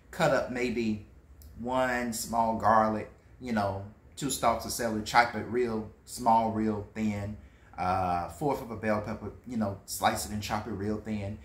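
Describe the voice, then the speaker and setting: A man's voice: on the low side, steady tone, slow. A man, talking casually as a food vlogger in a rambling, emphatic way with many fillers. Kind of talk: casual reminiscing monologue. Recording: echoey room.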